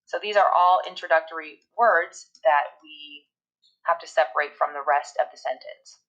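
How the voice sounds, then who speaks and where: A woman teaching a recorded English grammar lesson, explaining step by step and reading examples aloud slowly. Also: low-pitched, fairly bright tone, highs cut off.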